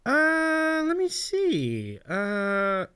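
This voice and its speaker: A man's voice: extremely high pitch, wildly swooping pitch, drawn-out words, pushed and bright, clear, resonant tone, no echo, clean studio sound. A man hosting a livestream, enthusiastically introducing clips and hyping them up. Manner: enthusiastic, hypes clips, many ums and restarts. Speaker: stream host.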